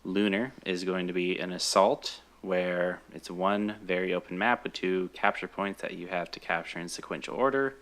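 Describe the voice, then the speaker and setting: Deep, bright-toned man explaining game maps. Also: normal speed, hardly any pauses. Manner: explanatory, matter-of-fact. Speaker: co-host. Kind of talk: casual esports chat.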